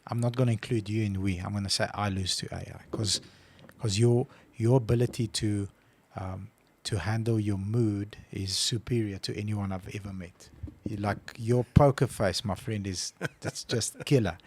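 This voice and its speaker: A man's voice: lowish voice, steady tone, moderate pace, few pauses, darkish tone. A man co-hosting a casual podcast who tells stories with animation and acts out his phone calls. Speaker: podcast co-host. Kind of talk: casual chat.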